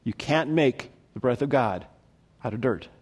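A man's voice: medium pitch, expressive, unhurried, darkish tone, husky. A man preaching a sermon, speaking conversationally and posing questions to his listeners. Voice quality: conversational, asks the audience questions. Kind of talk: sermon teaching.

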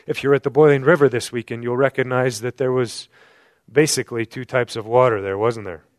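A man preaching a sermon at a night church service, asking the room rhetorical questions and swinging from loud emphasis down to hushed low tones. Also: fairly even intonation, fairly quick, dry recording, studio quality. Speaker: pastor.

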